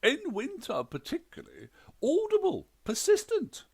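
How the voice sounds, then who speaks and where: A man's voice: very high voice, wildly swooping pitch, moderate pace, a little mellow, voice pushed up, exaggerated voice. A man voicing a furious, haughty ghost widow who snaps imperiously. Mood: indignant. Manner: imperious, snapping.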